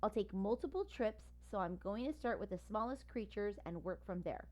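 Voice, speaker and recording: A woman voicing a huge, gentle male gorilla who speaks slowly and deliberately. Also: medium pitch, animated, close to an everyday voice. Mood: calm. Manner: slow, deliberate.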